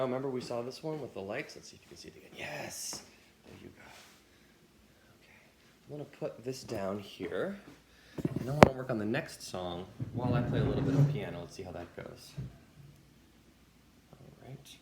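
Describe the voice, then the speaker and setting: A man's voice: fairly low pitch, animated, normal speed, pauses often. A man teaching an online children's music lesson, with an upbeat, encouraging manner as he talks straight to the kids. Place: music room. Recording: roomy with faint ambient noise.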